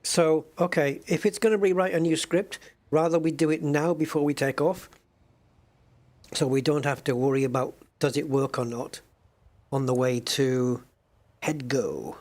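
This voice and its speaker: A man's voice: on the high side, normal speed, a little mellow. A man chatting casually with viewers while he plays a game at his desk, thinking aloud and humming to himself as he waits. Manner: chatty, addresses viewers as guys. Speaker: streamer playing a space game. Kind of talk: casual live-stream chat. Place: home desk with joystick.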